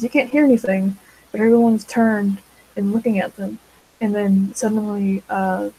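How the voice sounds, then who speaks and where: A woman's voice: medium pitch, mellow, breathy edge, low-quality recording. A teenage girl chatting casually while she draws, rambling with many fillers and side tracks. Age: teens. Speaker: vlogger.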